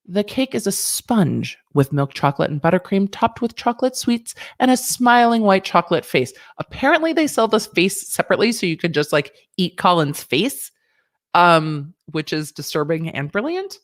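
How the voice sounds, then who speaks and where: A woman's voice: mid-range voice, animated, normal speed. A woman hosting a casual livestream about a legal case, chatty and sassy with joking asides. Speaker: legal commentary host.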